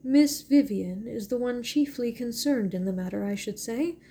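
A woman reading the part of a calm, reserved and kindly gentleman in a novel, speaking evenly and formally. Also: a little high, moderate pace, breathy edge.

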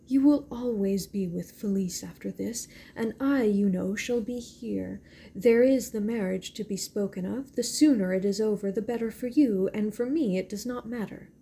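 A woman reading the part of a calm, reserved and kindly gentleman in a novel, speaking evenly and formally. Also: medium pitch, moderate pace, gravelly, breathy edge.

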